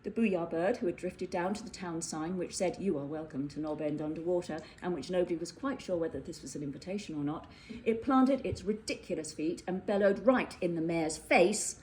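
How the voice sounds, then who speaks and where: A woman narrates a whimsical fairytale with playful, animated delivery. She slips into little character voices along the way. A faint hiss sits under the recording. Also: fairly low pitch, low-quality recording. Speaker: storyteller. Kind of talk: storybook narration.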